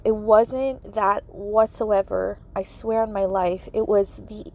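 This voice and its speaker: A woman's voice: mid-range voice, steady tone, slow, darkish tone. A woman hosting a podcast, telling a personal story with many fillers and laughing through tears. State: tearful. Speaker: podcast host, medium.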